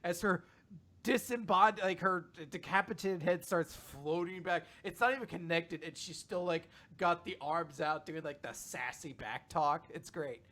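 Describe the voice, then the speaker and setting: A young man co-hosting a casual comics recap, animated and quick to break into voices. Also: on the high side. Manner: animated, jumps into voices and exclamations. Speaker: podcast co-host.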